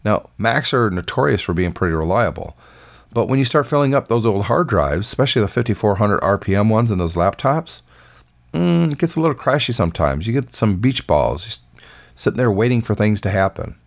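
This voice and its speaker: Low-voiced enthusiastic man hosting a tech podcast. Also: very animated, a little fast, vocal fry. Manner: chatty and enthusiastic, with filler words. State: voice sounds off, a bit rough. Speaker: podcast host. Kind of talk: casual tech podcast monologue.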